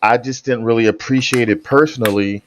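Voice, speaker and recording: A man's voice: mid-range voice, steady tone, a little fast, a little hiss or hum. Rambling man giving reaction commentary. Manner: hesitant, rambling explanations with restarts. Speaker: reaction video host.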